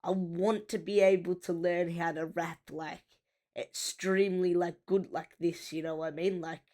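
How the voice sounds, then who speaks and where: A woman's voice: fairly low pitch, steady tone, moderate pace, darkish tone. A woman giving casual, rambling commentary while reacting to a rap song, with many fillers and half-finished thoughts. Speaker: music reaction host.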